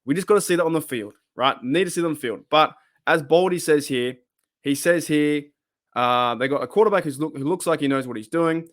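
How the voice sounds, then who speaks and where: Aussie guy vlogging, hyped up and rambling, voice sits a bit high. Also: fairly quick. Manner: excitable, rambling fan enthusiasm. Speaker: fan channel host. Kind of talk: casual vlog talk.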